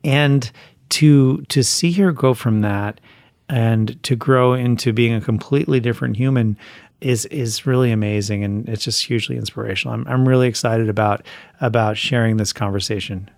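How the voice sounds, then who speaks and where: Gravelly-voiced man co-hosting a podcast. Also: mid-range voice, moderate pace, a little mellow, no echo. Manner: hesitant, many fillers, enthusiastic. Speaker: podcast co-host. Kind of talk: casual podcast chat.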